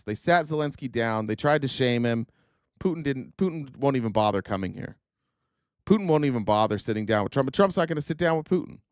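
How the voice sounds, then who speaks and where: A man's voice: a little high, dry recording. Heated, profane male commentator, dry sound. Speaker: political commentary host. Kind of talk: ranting political commentary.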